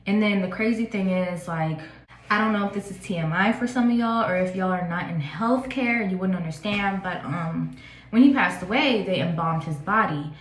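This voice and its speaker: Chatty woman in her twenties, lower voice. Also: normal speed. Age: 20s. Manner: casual, chatty, many fillers. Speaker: vlogger. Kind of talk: personal storytelling vlog. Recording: echoey room.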